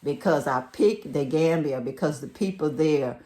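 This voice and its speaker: A woman's voice: low-pitched, a little slow, dark tone. A middle-aged woman from the United States with a Southern accent, chatting casually to her viewers in a folksy way as she gives advice. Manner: chatty, folksy, talks straight to viewers as "y'all". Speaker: vlogger giving relocation advice.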